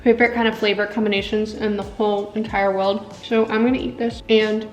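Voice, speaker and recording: Young woman, food vlogger, chatty and upbeat, roomy kitchen, soft music underneath. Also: medium pitch, level tone, a little fast. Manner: chatty, upbeat, lots of fillers like "like". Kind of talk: casual vlog narration while cooking and eating.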